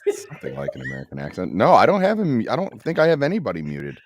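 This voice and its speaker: A man on a live stream, talking in a halting, hesitant way about tech trouble. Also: medium pitch, huge pitch swings. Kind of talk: casual live-stream chat.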